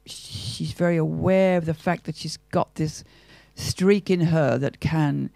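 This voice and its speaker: An older Australian actress with a gravelly, crackly edge to her voice. She talks in a thoughtful, theatrical way, asking herself questions as she works through ideas. The sound is dry and close, with no room around it. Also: deep voice, slow, warm tone, dry recording. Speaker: actress, interview guest. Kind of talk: reflective interview talk.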